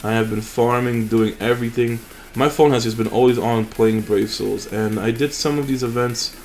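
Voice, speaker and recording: Relaxed man rambling over game footage. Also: medium pitch, normal speed, slight background noise. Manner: rambling, relaxed, fillers and restarts. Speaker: mobile game channel host. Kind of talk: casual gameplay commentary.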